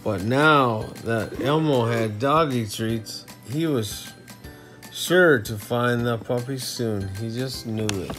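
A man's voice: mid-range voice, slow pace, fairly bright tone, faint music behind, some chatter behind. A man reading a children's storybook aloud to his kids at bedtime, playful and teasing, with joking asides.

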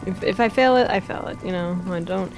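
A woman's voice: fairly low pitch, brisk, darkish tone, soft background music. A woman giving chatty let's-play commentary, giggling often and reading game dialogue aloud. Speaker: gaming streamer.

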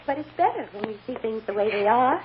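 A woman playing a devoted mother who softly soothes and coaxes her child, in 1940s radio acting on a dull old radio recording with hiss. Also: a little high, lively intonation, fast, lightly acted. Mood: soothing. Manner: soft, soothing, coaxing.

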